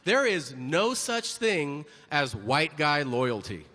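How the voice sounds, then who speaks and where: A man doing a stand-up comedy routine, telling stories with loud voiced asides before a live audience. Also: on the high side, takes it slowly. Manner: animated storytelling with shouted voiced asides. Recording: reverberant hall, audience noise.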